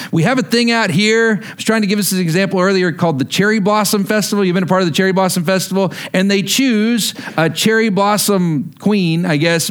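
High-voiced man preaching a sermon. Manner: conversational, emphatic preaching. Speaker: pastor.

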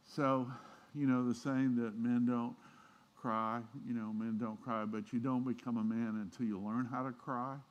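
A man's voice: mid-range voice, muffled recording. Man preaching a heartfelt sermon. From Southern United States. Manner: heartfelt storytelling, swinging from hushed to emphatic. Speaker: pastor.

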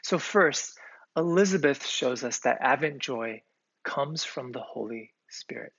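A male pastor preaches with a gravelly, slightly husky voice, earnest and conversational, dropping in the odd filler word. The sound is dry and a little muffled. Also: medium pitch, expressive, a little slow, a bit bright, dry recording. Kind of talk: sermon.

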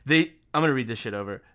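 A man's voice: medium pitch, pushed and bright. A man co-hosting a podcast, chatting casually and profanely, joking and mocking the people in his story. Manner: profane, joking, reads quotes in mocking voices. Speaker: podcast co-host telling a true crime story. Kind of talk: casual chat with crude jokes.

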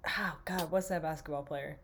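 Young woman, slightly low voice, enthusiastic casual sports chat. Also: fairly even intonation, normal speed, breathy edge. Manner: chatty, enthusiastic, laughs often. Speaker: podcast co-host.

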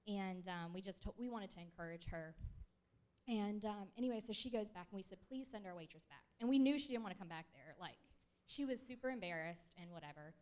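A woman's voice: medium pitch, a little fast, a little mellow. Shy woman rambling through a testimony. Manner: rambling, many fillers and restarts; self-described shy and introverted. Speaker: church member sharing a testimony. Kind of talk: casual spoken testimony. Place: church gathering.

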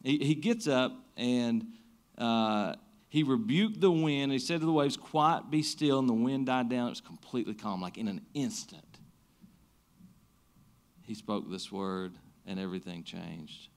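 A man's voice: mid-range voice, measured pace, a little mellow. Pastor, male, casual sermon with stumbling restarts and surging intensity. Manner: conversational preaching, frequent restarts, rises and drops in energy.

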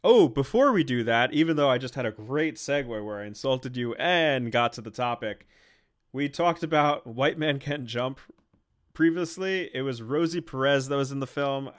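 A man's voice: mid-range voice, expressive, moderate pace. Sarcastic young man co-hosting a podcast. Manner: joking, teasing, sarcastic. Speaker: podcast co-host. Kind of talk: casual podcast chat.

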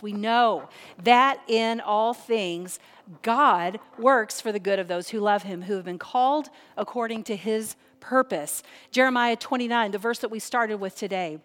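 A woman pastor preaching a sermon, emphatic, with repeated phrases and dramatic pauses. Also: a little high, fairly bright tone, in a large hall.

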